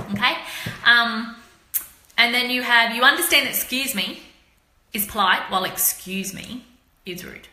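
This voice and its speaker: A woman's voice: fairly high pitch, normal speed, bright, forceful tone, reverberant. A middle-aged Australian woman chatting casually on a live stream, explaining local slang to viewers with laughs. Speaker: author hosting a live stream.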